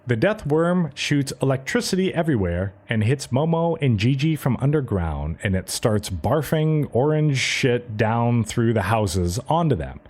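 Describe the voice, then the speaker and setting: Man, podcast co-host, lively swearing recap, very expressive intonation. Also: mid-range voice, unhurried, hardly any pauses. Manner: animated storytelling, swearing. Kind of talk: casual episode recap.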